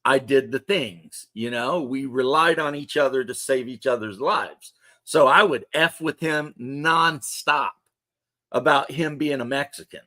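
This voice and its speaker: A man's voice: mid-range voice, measured pace, sharp tone. Guy in his 30s, loose jokey banter on his stream, easygoing. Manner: loose, rambling, joking banter. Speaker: livestream host. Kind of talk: casual chat to stream viewers.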